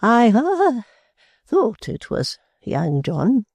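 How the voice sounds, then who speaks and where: A reader voicing a proud, touchy elderly gentleman, pompous and slow, stalling on "ah" between stern phrases in a storybook reading. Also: medium pitch, huge pitch swings, vocal fry, husky, no room sound, pitched above the performer's own voice, full character voice. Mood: stiffly polite. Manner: pompous, hesitant "ah" fillers, slow stern speech.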